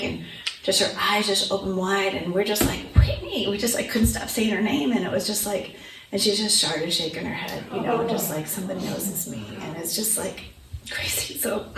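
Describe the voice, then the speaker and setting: A woman's voice: mid-range voice, gravelly. A middle-aged woman speaking at a conference, animatedly telling a personal testimony and acting out the voices of the people in it. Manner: animated storyteller, acts out quoted voices. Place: conference hall. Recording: echoey hall, distant mic, noisy.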